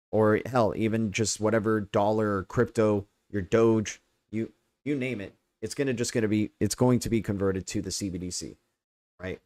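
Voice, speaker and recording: An American man hosting a casual livestream, rambling and checking in with "right?" as he explains. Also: lowish voice. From United States. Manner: rambling, repeats "right?", many fillers. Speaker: crypto livestream host.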